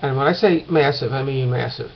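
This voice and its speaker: A man's voice: mid-range voice, measured pace, dull audio, a little hiss or hum. A man teaching a course in a casual recorded lecture, talking late at night at home and rambling with many fillers and restarts.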